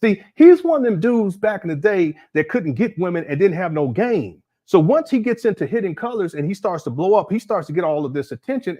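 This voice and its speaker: A man giving rambling, incredulous commentary on a livestream, talking to his chat from a desk mic at home. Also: fairly high pitch. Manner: animated, incredulous, rambling with restarts.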